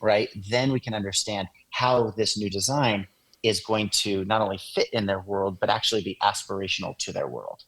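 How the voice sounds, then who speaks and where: A man, an interview guest, explaining in a relaxed casual way with lots of fillers. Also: on the low side, moderate pace, rough recording. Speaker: guest, design agency founder.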